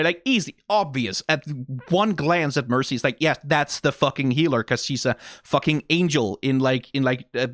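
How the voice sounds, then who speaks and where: A man's voice: mid-range voice, a bit bright, no room sound. Danish-accented male reactor, mid voice, rambling and sweary, close dry mic. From Denmark. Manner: rambling, profane, full of rhetorical questions. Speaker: video game reaction YouTuber. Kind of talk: casual reaction commentary.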